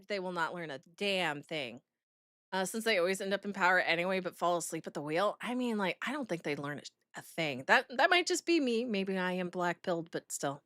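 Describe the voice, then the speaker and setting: A woman's voice: mid-range voice, pushed and bright, dry recording, clean studio sound. A woman streamer chatting casually with her viewers, giggling as she reads out chat messages. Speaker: streamer reacting to a video.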